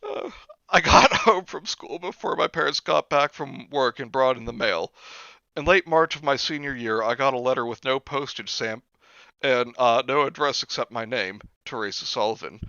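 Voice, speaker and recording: A man's voice: medium pitch, expressive, moderate pace, gravelly, bright, forceful tone, clear, resonant tone, dry recording, muffled recording. A young man hosting a stream, reading a book aloud with sarcastic asides and laughter. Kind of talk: comedic read-through with commentary.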